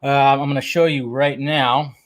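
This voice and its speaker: A man's voice: mid-range voice, flat delivery, moderate pace. A man hosting a casual livestream, chatty and loose, greeting viewers one by one and joking as he pours a drink. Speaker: livestream host.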